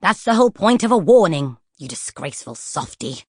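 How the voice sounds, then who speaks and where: A woman voicing a sharp-tongued female book of poisons who hisses stern warnings. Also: on the low side, big pitch swings, fairly quick, slightly rough, dry recording, clean studio sound. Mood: scornful. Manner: hissing, stern.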